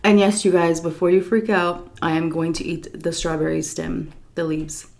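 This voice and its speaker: A woman in her thirties telling a story in a chatty, animated way, with lots of fillers, while eating on camera. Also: fairly low pitch, normal speed, gravelly. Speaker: vlogger.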